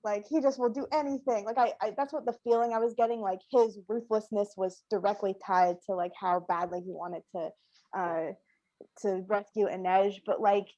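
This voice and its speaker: A woman's voice: medium pitch, fairly even intonation, moderate pace, dark tone, dull audio. A woman co-hosting a casual book club review, giving blunt opinions.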